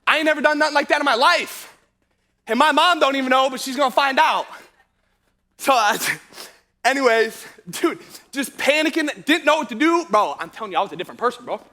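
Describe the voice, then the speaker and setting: A youth pastor with a very high, bright man's voice, full of bro and dude. He rolls through a comic story, then eases into a quieter, earnest tone to teach from scripture. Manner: slangy and animated, calls the crowd bro and dude. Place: church youth service venue.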